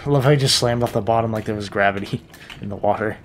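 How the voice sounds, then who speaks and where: A man's voice: fairly low pitch, normal speed, pauses often, a little hiss or hum. A man giving joking, profane gameplay commentary, talking to himself as he plays. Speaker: gaming YouTuber.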